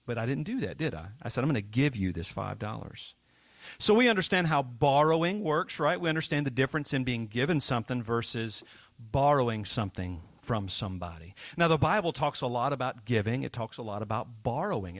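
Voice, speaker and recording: A man giving a children's sermon as a pastor, lively and playful, often asking the kids questions. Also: mid-range voice, no room sound.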